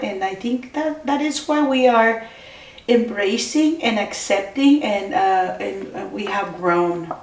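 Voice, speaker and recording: Woman tarot reader for a vlog, gushy and reassuring, mid pitch, echoey room, a little off mic. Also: far from the mic. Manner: keeps addressing the viewer by star sign, gushing and reassuring. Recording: roomy, voice from off the mic.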